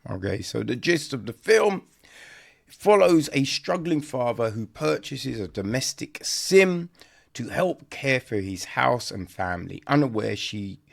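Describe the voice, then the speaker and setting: Guy rambling through a movie review on his podcast, slow talker, voice jumps up and down a lot, keeps saying right? and swears. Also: mid-range voice, creaky. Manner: rambling, conversational, peppered with "right?" and "you know"; blunt, swears for emphasis. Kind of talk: casual podcast chat.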